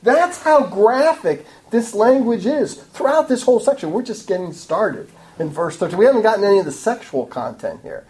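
A woman's voice: mid-range voice, sing-song, moderate pace, few pauses, a little mellow, low-quality recording. A woman teaching a Bible passage in an expository sermon, preaching emphatically and adding frequent asides.

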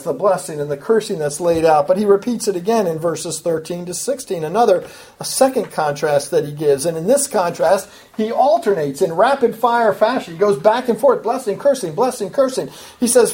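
Working verse by verse through a scripture passage, an earnest preacher teaches expository-style. When pressing a point he gets higher and louder, and his phrasing repeats back and forth with small restarts.

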